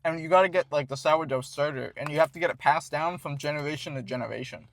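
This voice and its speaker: A man's voice: a little high, quick pace, vocal fry, no room sound. A man hosting a casual food review from inside a car, rambling and self-assured with a jokey streak.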